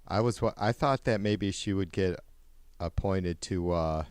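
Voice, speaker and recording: A man's voice: sits low, unhurried, a little mellow, clean tone, no echo. Blunt, profane male talk show host. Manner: blunt, profane, chuckling asides. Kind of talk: casual live show banter.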